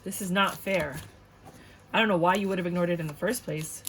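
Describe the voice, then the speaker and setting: A woman gives viewers a casual tarot reading, blunt and outspoken, swearing often and repeating her points with indignant emphasis. Her voice is fairly low-pitched, fairly quick and a bit bright, with a little hiss or hum in the recording.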